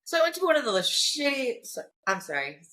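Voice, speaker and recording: A woman with a high-pitched, fairly quick voice, big pitch swings, and a pushed, bright tone is a podcast guest frankly sharing her personal story. She acts out what others said and fills her speech with "like" and "you know."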